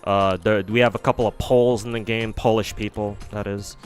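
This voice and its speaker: A man's voice: on the low side, fairly even intonation, a little fast, soft background music. Rambling, profane male streamer. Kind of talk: casual game commentary.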